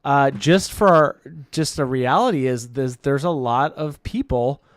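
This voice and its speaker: A man's voice: mid-range voice, measured pace, no echo, studio quality. A man co-hosting a live painting stream, chatty and playful, reading viewer comments aloud and answering them.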